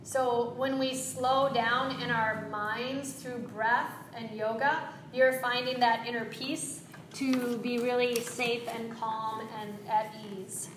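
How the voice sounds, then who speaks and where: Gentle woman guiding breathing in echoey room. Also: on the high side, steady tone, background noise. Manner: gentle, encouraging, slow cueing with quick asides. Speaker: yoga teacher. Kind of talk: guided breathing instruction.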